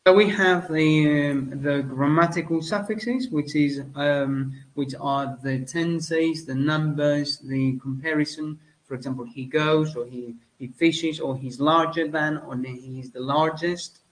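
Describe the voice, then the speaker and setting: Hesitant male teacher, slightly higher voice, frequent fillers. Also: poor audio. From Spain. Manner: hesitant, many fillers and self-corrections. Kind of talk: spoken lecture.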